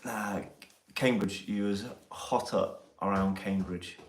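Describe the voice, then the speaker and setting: A man's voice: low-pitched, slow, roomy sound, slight background noise. An English man hosting a casual live chat, joking and laughing with his mate. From England. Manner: banter and laughing. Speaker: live stream host. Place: outdoors near Ely.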